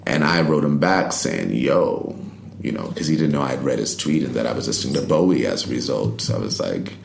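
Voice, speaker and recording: A middle-aged man with an extremely deep, gravelly voice tells stories in a relaxed, rambling way, full of "you know" and "like." His voice sits in a roomy space with a faint hum of ambience behind it. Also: a little fast. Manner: laid-back, rambling, lots of "you know" and "like". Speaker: interview guest, poet and rapper. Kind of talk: casual interview storytelling.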